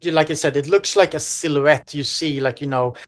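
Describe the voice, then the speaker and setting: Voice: mid-range voice, a little fast. A game master narrating a horror tabletop game, describing scenes in a loose, rambling way with lots of fillers and restarts.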